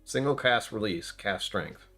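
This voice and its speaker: Deep-voiced man chatting on a stream. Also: lively intonation, measured pace, sharp tone, slightly rough, faint music behind. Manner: rambling, chatty, reacting to chat. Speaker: whiskey reviewer streamer. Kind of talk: casual live-stream chat.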